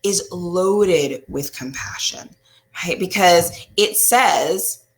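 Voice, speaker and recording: A woman couples therapist explaining in a casual, animated way, often asking "right?" and acting out what people say. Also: fairly low pitch, very slow. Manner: animated, acts out quotes, often asks "right?".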